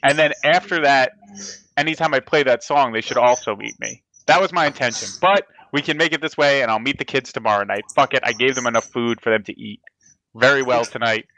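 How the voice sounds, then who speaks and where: A man's voice: medium pitch, a little fast, pushed and bright, no room sound, low-quality recording. A man playing a tabletop game in casual, joking chat. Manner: playful, joking. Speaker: player.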